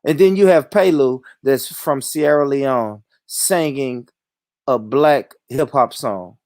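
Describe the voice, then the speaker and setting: A man's voice: medium pitch, slow pace, darkish tone, dry recording, studio quality. A man hosting a livestream, ranting in a heated, profane, repetitive way. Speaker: livestream host.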